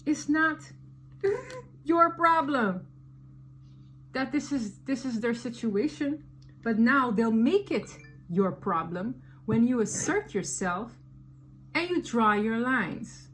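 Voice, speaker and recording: A woman giving a casual tarot reading, talking in an animated, slangy and emphatic way. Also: on the high side, unhurried, slight background noise. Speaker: tarot reader.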